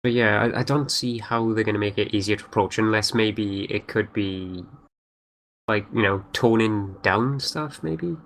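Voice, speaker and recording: A man co-hosting a gaming podcast, his low voice stopping and starting as he works through each thought. He talks in an easy, casual way. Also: fairly bright tone, slight background noise, rough recording. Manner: halting, many you-knows and restarts. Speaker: podcast co-host.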